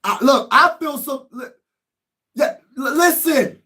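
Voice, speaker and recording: A man hosting a casual live stream, reacting excitably and talking straight to his chat in slangy speech, moving from low muttering to loud shouts. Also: unhurried. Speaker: livestream host.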